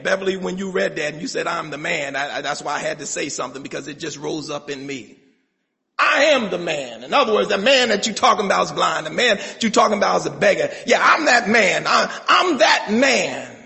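A middle-aged male pastor preaching a sermon, building to shouted, rhythmic call-and-response passages. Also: sits high, expressive, moderate pace, vocal fry. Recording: long hall reverb.

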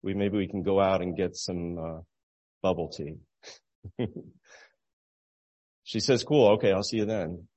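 A man telling a moral story at an easy, halting pace, chuckling now and then, in the manner of a sermon illustration. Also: deep voice, dull audio. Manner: relaxed, halting storyteller who laughs at his own story.

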